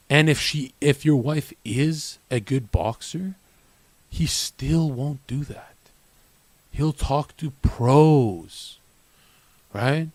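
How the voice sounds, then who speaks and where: A man's voice: mid-range voice, a little mellow, no echo. A young man streamer giving a brash, profane and boastful monologue to his viewers, often mimicking other people.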